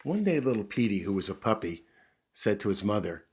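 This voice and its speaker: A man reading a picture book aloud to children as a calm, friendly storyteller. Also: fairly low pitch, fairly quick, slightly rough.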